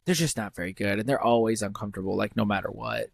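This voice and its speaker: A young adult man co-hosting a podcast, chatting casually and telling teasing, animated stories. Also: on the low side, quick pace, creaky, husky, no echo. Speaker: podcast co-host. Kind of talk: casual chat.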